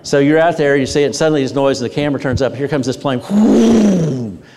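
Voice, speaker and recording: A man's voice: mid-range voice, steady tone, rapid-fire, heavy background noise. A man preaching a sermon as a pastor, telling stories with energy and repeating words for emphasis. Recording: long hall reverb.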